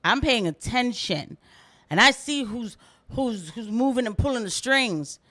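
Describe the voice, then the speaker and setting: A woman hosting a reaction commentary vlog, animated and rambling as she talks straight to her viewers. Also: a little high, a little slow. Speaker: commentary vlogger.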